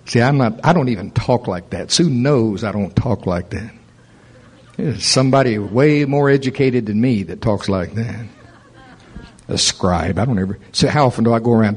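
A man's voice: mid-range voice, moderate pace, breathy edge. A man preaching a sermon as pastor, talking conversationally and building in energy. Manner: conversational preaching, rising animated toward the end.

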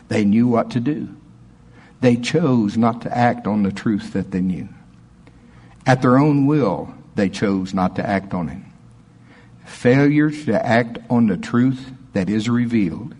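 A male preacher delivers a sermon in a husky, slightly breathy voice. He moves between measured scripture quotes and animated storytelling. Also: mid-range voice.

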